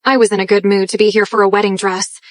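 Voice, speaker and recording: A woman's voice: mid-range voice, flat delivery, quick pace, dry recording, close to an everyday voice. An actress playing an arrogant young woman posing as a rich heiress, imperious and scornful, in an English drama dub. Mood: haughty.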